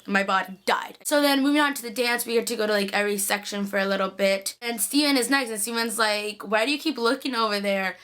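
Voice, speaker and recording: Fast-talking excitable young-sounding woman. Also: a little high. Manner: excitable, gushing, many "like"s. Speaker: vlogger. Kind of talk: casual storytelling to camera.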